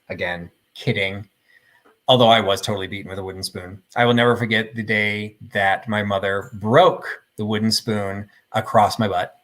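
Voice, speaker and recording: A man in his fifties from the Chicago suburbs in Northern Illinois, with a Midwestern American accent, hosts a live vintage sale. His voice is on the low side and a bit bright. His chat is joking, rambling, and self-deprecating.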